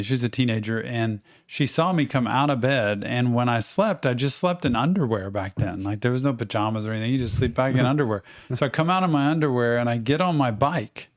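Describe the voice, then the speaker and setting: A middle-aged man, co-hosting a podcast and telling stories in a casual, animated way. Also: mid-range voice. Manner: animated storyteller, acts out quoted voices. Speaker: podcast co-host. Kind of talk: casual storytelling.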